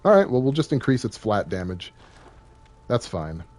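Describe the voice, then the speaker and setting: Low-voiced, joking young man streaming. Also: sing-song, normal speed, a little mellow, faint music behind. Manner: joking, rambling, self-deprecating. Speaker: game streamer. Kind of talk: casual live-stream commentary.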